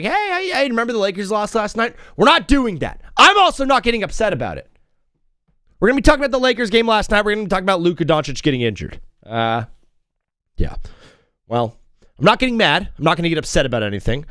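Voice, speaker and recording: A young man hosting a casual sports talk show, joking and shifting quickly between loud outbursts and mumbled asides. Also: sits high, smooth, no room sound, studio quality. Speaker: host.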